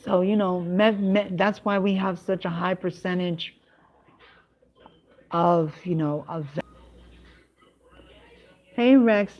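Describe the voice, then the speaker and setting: A woman hosting her own live stream, talking casually and haltingly, with many restarts and fillers. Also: on the low side, level tone. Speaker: livestream host. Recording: dull lo-fi sound.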